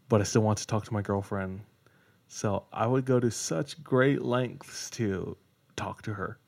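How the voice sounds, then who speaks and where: Young man, co-host, rambling, laughs a lot, slightly low voice. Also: gravelly, a little mellow. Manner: laughs often, rambling, says dude. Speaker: podcast co-host. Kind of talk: casual chat, personal anecdote.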